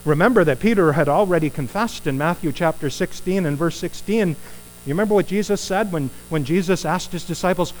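A man preaching a conversational sermon, animated and putting rhetorical questions to his listeners. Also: fairly high pitch, a little fast, slight background noise, poor audio.

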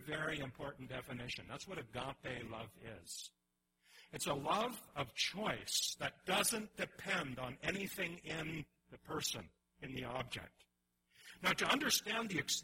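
A man preaching a sermon in an animated way, often restarting his phrases and acting out the voices he quotes. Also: fairly high pitch, a little hiss or hum, poor audio. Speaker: pastor.

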